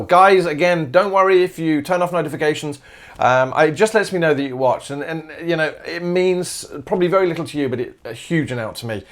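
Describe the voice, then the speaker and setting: Speaking a little high and fairly quickly, this Australian man teaches maths by talking himself through worked exam solutions one step at a time. His delivery is chatty, peppered with casual asides and "all right" and "uh."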